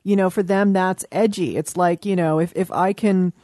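A woman's voice: fairly low pitch, fairly even intonation, moderate pace, dark tone, no echo, studio quality. A woman hosting an interview, thoughtful and supportive, often chiming in to agree. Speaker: interviewer host. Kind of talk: casual interview chat.

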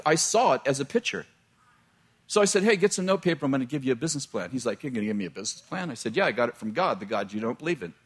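A man's voice: on the high side, slightly rough. A middle-aged man, a pastor, telling a personal story in a sermon, chatty and laughing at his own jokes, often breaking off mid-sentence.

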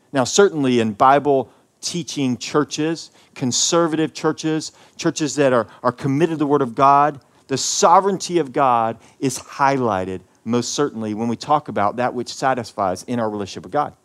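Earnest male pastor preaching. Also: medium pitch. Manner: earnest, emotional storytelling with pauses and repetitions. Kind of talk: sermon with personal story.

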